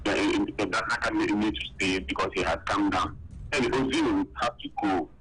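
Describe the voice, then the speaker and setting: Husky low-voiced male radio caller. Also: a bit bright, low-quality recording. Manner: halting, many fillers and restarts. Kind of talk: phone-in opinion.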